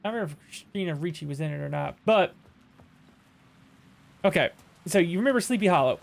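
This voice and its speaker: A man with a rather high voice chats casually while he plays, the host of his own stream. He drifts from story to story and restarts sentences often, in an easygoing, rambling way. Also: animated, quick pace, vocal fry. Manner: rambling anecdotes with frequent restarts. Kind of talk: casual chat while gaming.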